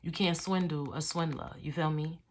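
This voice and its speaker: This tarot reader has a deep, steady voice. Casual, slangy, and profane, she addresses the listener as baby and draws out each sign name like a chant.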